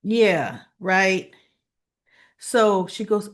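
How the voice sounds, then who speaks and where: A woman recaps a soap episode in a chatty, conversational way and keeps pulling her viewers in. She takes her time, speaking at an unhurried pace in an ordinary mid-range voice. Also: medium pitch, lively intonation. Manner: chatty, conversational, asks the audience along. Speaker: soap opera recap vlogger.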